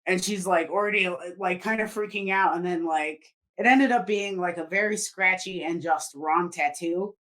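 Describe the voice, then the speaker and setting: Woman, podcast co-host, lowish voice, rambling casual storyteller who swears a lot. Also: moderate pace, few pauses, fairly bright tone. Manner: rambling, filler-heavy, swears freely.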